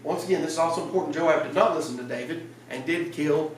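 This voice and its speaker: A man's voice: a little high, quick pace, a little hiss or hum. Male preacher, casual storytelling sermon; slightly raised voice, picked up from a distance in a reverberant sanctuary. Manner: lively storytelling, laughs at the story, acts out lines. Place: church sanctuary. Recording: roomy church sound from a distant mic.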